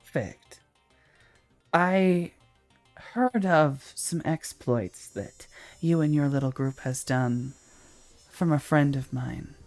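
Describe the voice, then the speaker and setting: A composed dwarven businesswoman in a tabletop game, speaking evenly and without any put-on accent, as the game master puts her on. Her talk is cool and businesslike, and soft music plays faintly underneath. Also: medium pitch, slow pace, long pauses, close to an everyday voice. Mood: calm. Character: calm dwarven corporate executive woman. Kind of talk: in-character tabletop dialogue.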